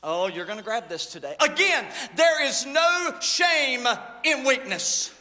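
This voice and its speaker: A man preaching a sermon as lead pastor, impassioned and swinging between shouts and low asides. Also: animated, measured pace. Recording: church hall with long reverb.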